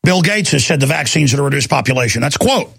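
A man's voice: mid-range voice, animated, fast talker, vocal fry, fairly bright tone, breathy edge, dry recording. A man hosting a call-in talk show, delivering an angry, intense ranting monologue. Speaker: talk show host taking calls.

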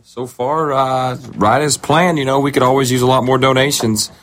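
A man answering briefly as a studio guest, laid-back and relaxed. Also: medium pitch, moderate pace, slight background noise.

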